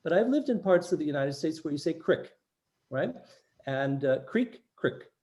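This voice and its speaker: A man's voice: on the high side, big pitch swings, moderate pace, mellow. An older man with a US East Coast accent, explaining things to international students in an online workshop and often checking in with "right?". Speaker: workshop presenter.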